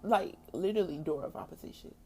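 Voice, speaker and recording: A young woman with a warm, lowish voice talks through her own story on a faith podcast. She speaks casually, leans on "like," and acts out what she was thinking at each turn. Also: normal speed. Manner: animated storytelling, acting out her own past thoughts; casual, slangy, with frequent "like" and laughs. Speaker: podcast host.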